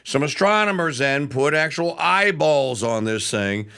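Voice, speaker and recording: A man's voice: a little high, animated, measured pace, gravelly, bright, forceful tone, smooth. A man hosting a live talk radio show, chatting in a rambling, self-correcting way.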